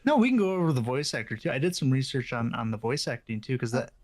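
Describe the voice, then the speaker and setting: A man in casual podcast chat, explaining his views in a measured way with many fillers. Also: medium pitch, big pitch swings, a little mellow. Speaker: podcast co-host.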